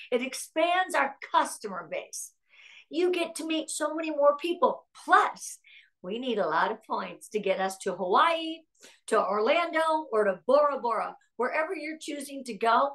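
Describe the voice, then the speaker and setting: A middle-aged woman with a high-pitched, slightly bright voice is a guest speaker at a sales team meeting. Her talk is upbeat and earnest, and she answers questions from a live chat, sometimes turning emotional.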